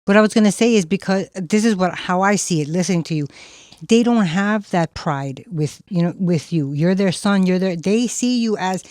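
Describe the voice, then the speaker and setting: A podcast co-host with a mid-pitched voice who keeps jumping in with quick agreement during a casual talk. The sound is dry and close to the mic. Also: a little mellow, no echo.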